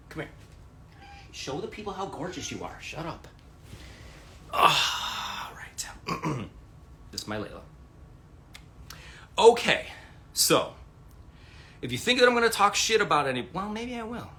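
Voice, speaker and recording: Lively, bright-voiced man telling stories. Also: a little high, a little slow, long pauses, slight background noise. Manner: rambling, profane, lots of fillers and quoted dialogue. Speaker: livestream host. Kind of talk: casual storytelling to viewers.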